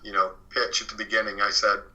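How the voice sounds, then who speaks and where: A man's voice: fairly low pitch, little pitch movement, fast, bright, forceful tone, rough recording. A man recounting a true story as a radio guest, rambling casually with lots of "you know" and restarts. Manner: rambling, fills with "you know" and restarts, retells others' words. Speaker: guest author recounting a haunted house. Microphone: phoned or studio radio interview.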